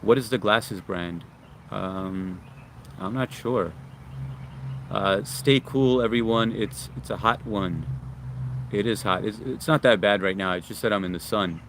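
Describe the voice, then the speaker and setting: A man from Long Island, hosting a casual livestream outdoors in the sun, reading viewer comments and greeting them by name in a relaxed, friendly way. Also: lowish voice, unhurried, noisy background. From Long Island, New York. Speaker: livestream host.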